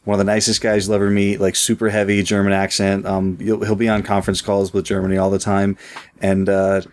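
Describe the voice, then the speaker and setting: A man's voice: on the low side, monotone, brisk. A man co-hosting a casual podcast, wry and teasing, with many fillers and restarts. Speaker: podcast co-host.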